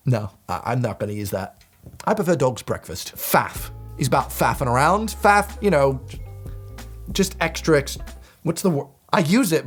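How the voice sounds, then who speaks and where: Playful young man quizzing himself. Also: mid-range voice. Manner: playful, joking, quick laughs and mock outrage. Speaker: video host. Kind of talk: casual quiz commentary, reading definitions aloud.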